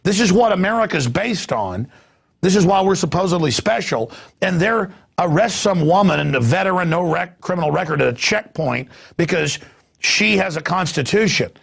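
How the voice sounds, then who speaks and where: A man's voice: high-pitched, animated, moderate pace, a bit bright. A man hosting a talk radio interview, emphatic and stammering when worked up. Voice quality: gravelly, raspy. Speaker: host.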